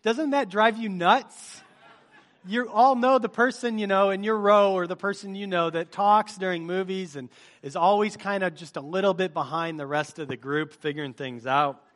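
Brief: male pastor, slightly higher voice, lively storytelling sermon with scripture reading. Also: normal speed.

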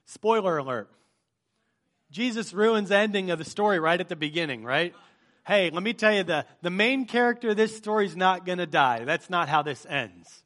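A man pastor giving a sermon, reading scripture aloud and breaking into lively, joking storytelling asides. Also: high-pitched, normal speed.

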